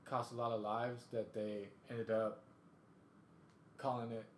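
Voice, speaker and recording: A man's voice: mid-range voice, level tone, measured pace, slight background noise. A man co-hosting a casual podcast chat, rambling and laid-back, calling people dude and bro. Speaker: podcast co-host. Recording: roomy echo.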